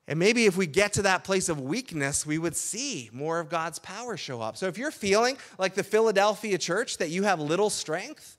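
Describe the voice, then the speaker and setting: A man with a high-pitched voice delivers a sermon as a pastor. He preaches in a conversational tone and often checks in with "right?". At times he softens his voice to speak the words of weary people. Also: lively intonation, moderate pace, few pauses.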